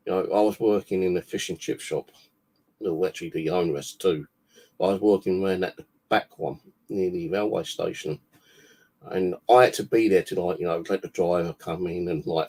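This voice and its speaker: Gravelly low-voiced man swearing. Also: darkish tone. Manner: rambling, heavy swearing, many fillers. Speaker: guest sharing personal stories. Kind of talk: casual storytelling. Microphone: video call mic.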